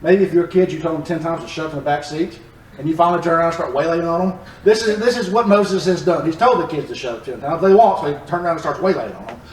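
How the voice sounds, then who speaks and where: A man teaches a Bible passage in an animated, joking way. His voice sits high for a man. He sounds distant from the mic, in an echoey church room. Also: quick pace, a little hiss or hum.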